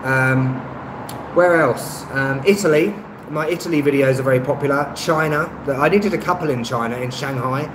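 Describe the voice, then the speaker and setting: A man from West London with a West London accent, hosting a live stream and reading out viewer comments in a relaxed way with lots of ums. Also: medium pitch, normal speed. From West London, England. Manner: relaxed, many ums, chuckles at himself. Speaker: YouTube travel channel host. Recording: echoey room, faint traffic noise.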